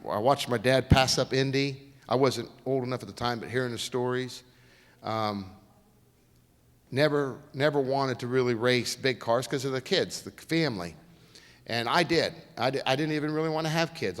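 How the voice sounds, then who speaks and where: Guy telling folksy stories to a crowd, mid pitch, kinda echoey hall. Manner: folksy, lively, acts out quoted voices. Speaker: guest speaker. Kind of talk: storytelling lecture. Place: lecture hall. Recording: reverberant lecture hall.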